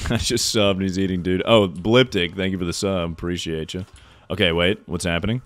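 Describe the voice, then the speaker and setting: A man's voice: low voice, fairly even intonation, normal speed, dry recording. A young man streaming a horror game live, joking loosely and reading out chat. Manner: jokey, reacts to chat and thanks subscribers.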